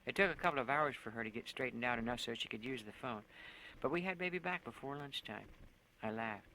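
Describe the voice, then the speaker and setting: A man reading his own story aloud, with a bright, clear, forward voice. He tells it plainly, leaning into the slangy voice of a tough teenage narrator. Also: mid-range voice, a little fast, slight background noise, poor audio.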